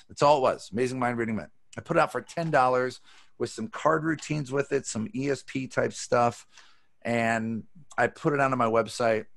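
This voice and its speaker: Gravelly man telling a magic story. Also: medium pitch. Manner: swearing, animated storyteller. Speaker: magic lecturer. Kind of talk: casual storytelling lecture. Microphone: video call.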